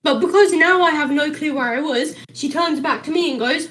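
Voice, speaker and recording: Teen girl, high voice, chatty podcast storytelling, animated. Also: moderate pace, few pauses. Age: teens. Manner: animated, acts out the dialogue, laughs through the story. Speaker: podcast co-host. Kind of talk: casual storytelling.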